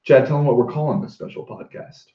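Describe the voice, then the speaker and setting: A man's voice: fairly high pitch, steady tone, fast. A man co-hosting a podcast, chatting casually with enthusiasm and wry self-deprecating asides. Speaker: podcast co-host. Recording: roomy, dull lo-fi sound.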